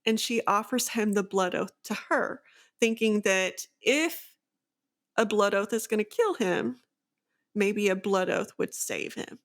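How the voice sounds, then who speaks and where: A woman's voice: medium pitch, measured pace. Chatty woman recapping a fantasy novel. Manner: animated plot recap, many "like" fillers. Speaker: book podcast co-host. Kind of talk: casual book discussion.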